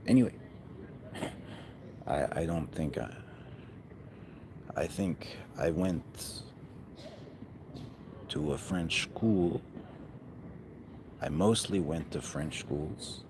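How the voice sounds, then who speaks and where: Low, unhurried man from Canada, halting and bitter, over steady background noise. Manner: hesitant, bitter, addressing an absent person. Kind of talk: rambling monologue. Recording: noisy ambient background.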